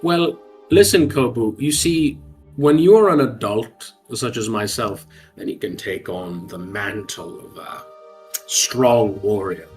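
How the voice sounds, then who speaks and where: A man's voice: lowish voice, slow, darkish tone, soft background music. A man voicing a smug, self-important man-child who talks down to others. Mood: condescending. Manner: condescending, pompous.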